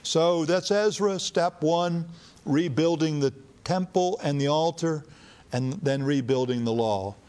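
A man's voice: fairly high pitch, measured pace, darkish tone. A man preaching a sermon in a conversational teaching manner, reading scripture aloud with rising emphasis.

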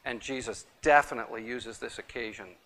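A man's voice: medium pitch, fairly quick, fairly bright tone, slight background noise. A man teaching a Bible study class, emphatic and repeating his key points, taking questions from the room.

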